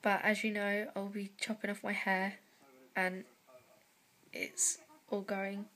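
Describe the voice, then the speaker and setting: A young woman talking to camera in a personal vlog, close to tears, halting and full of fillers and sighs. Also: medium pitch, flat delivery, fairly bright tone. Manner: slow, hesitant delivery. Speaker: vlogger.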